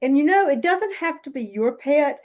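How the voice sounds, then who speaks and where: An older woman who leads a church group gently telling a short family story. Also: sits high, animated, normal speed. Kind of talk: casual group sharing. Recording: dull muffled sound.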